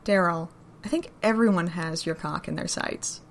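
A woman's voice: on the low side, moderate pace, slight background noise, close to an everyday voice. A woman voicing a sweet but cheeky young Southern woman who teases playfully. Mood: teasing.

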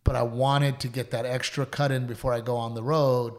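A man co-hosting a podcast talks in a casual, chatty way. His voice sits at a medium pitch, and he tells earnest stories that drop to a hushed tone when they turn heartfelt. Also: flat delivery, brisk. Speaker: podcast co-host. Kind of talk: casual chat and storytelling.

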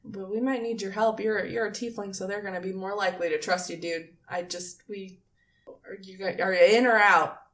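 A woman's voice: medium pitch, fairly even intonation, moderate pace, a bit bright, natural voice. A woman voicing a laid-back young man in a tabletop game who reassures his friends. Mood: pleading. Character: easygoing young male friend, reassuring, says dude a lot.

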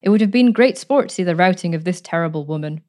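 A woman narrating a story aloud in a measured, even way. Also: fairly low pitch.

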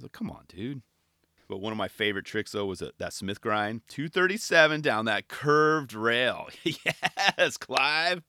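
A man's voice: medium pitch, sharp tone, no echo, clean studio sound. A man giving casual commentary on a skate video in laid-back skater slang, often tagging on "right?" and "you know".

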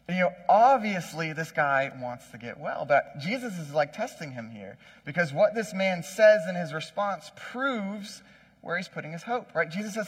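Husky man preaching in a reverberant hall. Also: on the high side, big pitch swings, normal speed, fairly bright tone. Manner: conversational, says "like" and "right?" often. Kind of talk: casual sermon.

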